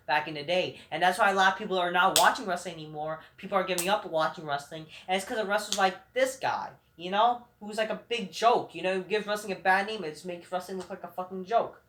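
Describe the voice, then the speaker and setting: A man's voice: sits high, fairly bright tone, slight background noise. A man hosting a vlog, delivering a rambling, heated, profane rant full of restarts. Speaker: vlog host. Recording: roomy echoing room.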